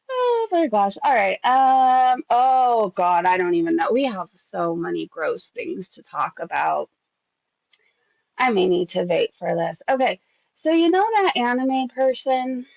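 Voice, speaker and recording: A woman rambles through casual gossip commentary, chatty and loose with swearing. Her voice carries a gravelly fry. The recording is dry and a little dull. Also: on the high side, a little mellow, no room sound. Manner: chatty, swearing, laughs often.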